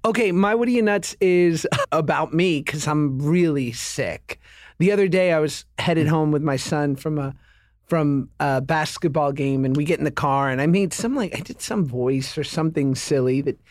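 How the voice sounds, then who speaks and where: A man in his thirties trades jokes on a podcast in a casual, teasing way. His voice sits a little high for a man. It is recorded close and dry, with no room sound. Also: dry recording. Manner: playful, jokey, quick to laugh. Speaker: podcast co-host. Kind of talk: casual comedic chat.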